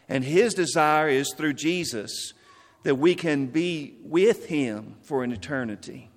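A man's voice: fairly high pitch, a bit bright. Man, sermon, emphatic repeated phrases, reverberant hall. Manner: folksy joke-telling, then slow emphatic repetition. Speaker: pastor.

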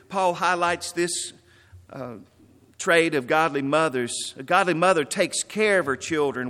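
A man preaching a sermon as pastor, telling stories and stressing words, then dropping softly. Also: on the high side, long reverb tail.

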